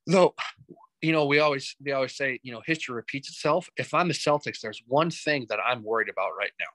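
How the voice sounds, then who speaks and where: A man co-hosting a podcast, chatting casually about sports with animated, joking stories. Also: medium pitch, a little fast, no room sound, poor audio. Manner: animated storytelling with joking asides. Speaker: podcast co-host.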